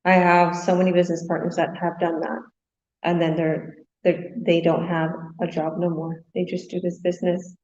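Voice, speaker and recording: A woman's voice: on the low side, flat delivery, moderate pace, echoey room, lo-fi sound. A woman business coach hosting a webinar, heaping on praise and repeating her thanks. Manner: warm praise, laughs, repeats herself.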